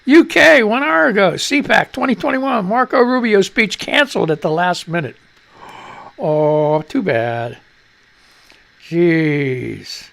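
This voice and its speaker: A man's voice: high voice, lively intonation, takes it slowly, gravelly, fairly bright tone. A man hosting a live radio and stream show, rambling loosely and jokily through news headlines, muttering to himself between reads. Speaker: radio and livestream host.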